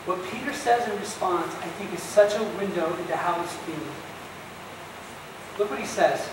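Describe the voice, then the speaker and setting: A man preaching a sermon as a pastor, telling the story with animated emphasis and speaking directly to his listeners. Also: high voice, normal speed, background noise. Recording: very echoey distant church recording.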